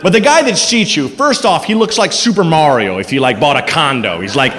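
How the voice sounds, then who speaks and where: A man doing a stand-up set on a club stage, animated and jokey. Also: a little high, brisk, some chatter behind. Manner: animated, jokey, acts out voices. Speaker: stand-up comedian. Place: comedy club stage before a live audience. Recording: live club recording with long reverb and background noise.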